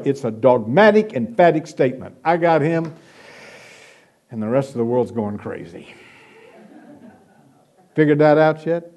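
A man preaching a sermon, emphatic, swelling loud and then dropping to a hush. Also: fairly high pitch, expressive, measured pace.

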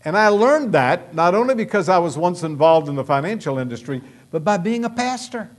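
A male pastor preaches with an animated, swooping voice that sits a little high for a man. He drives his points home with emphatic rhetorical questions, leaning into key words. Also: a little fast. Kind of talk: sermon.

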